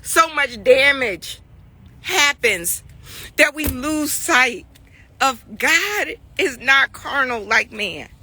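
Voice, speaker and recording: A woman's voice: high-pitched, animated, takes it slowly, bright, forceful tone. A woman in her forties telling a family story that turns into a heartfelt morning message, earnest and emotional, repeating phrases for emphasis. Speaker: mother sharing a devotional. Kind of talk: heartfelt storytelling turning into preaching.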